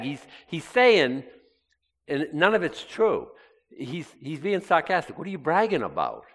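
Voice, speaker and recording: A man's voice: fairly high pitch, very animated, unhurried, a bit bright. A man preaching a sermon, reading scripture aloud with sarcastic asides. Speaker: pastor.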